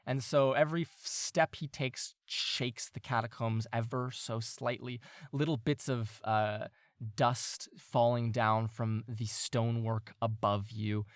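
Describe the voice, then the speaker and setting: A man's voice: mid-range voice, fairly even intonation, unhurried, no room sound, studio quality. A man narrating a tabletop game as game master, wandering through his descriptions and searching for words. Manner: meandering, searching for words with fillers.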